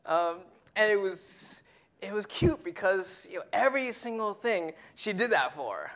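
A preacher giving a sermon who tells a family story and drops to a hushed whisper on key points. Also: medium pitch, sing-song, a little slow.

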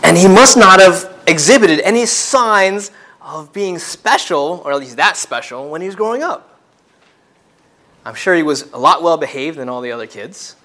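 Earnest male preacher, slightly high voice. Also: animated, moderate pace. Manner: earnest, repeats words and restarts, swings loud and soft. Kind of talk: sermon.

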